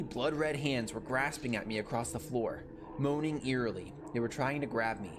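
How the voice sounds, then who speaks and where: A man with a mid-range voice reads a horror game's story aloud, evenly and plainly. Game music plays behind him throughout. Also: mid-range voice. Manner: steady storytelling read-aloud. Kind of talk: game dialogue read-aloud.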